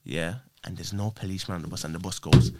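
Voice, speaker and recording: A young man, a podcast guest, telling a story in casual chat, slangy and animated, swearing freely and checking that his listener is following. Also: sits low, fast. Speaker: podcast guest, prank creator.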